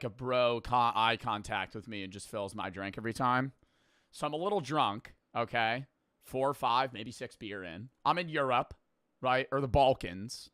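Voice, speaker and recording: A man's voice: medium pitch, sharp tone, clean tone, dry recording, studio quality. A young man, riffing loosely and profanely as he reacts to a video on stream. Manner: loose, profane, joking, talks over the video. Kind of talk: casual reaction commentary.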